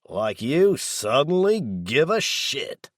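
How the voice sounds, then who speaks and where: A male narrator voicing a stocky, bullying middle-aged stepfather who shouts with snarling contempt. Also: on the low side, very animated, measured pace, husky, no room sound, clean studio sound, exaggerated voice. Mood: furious.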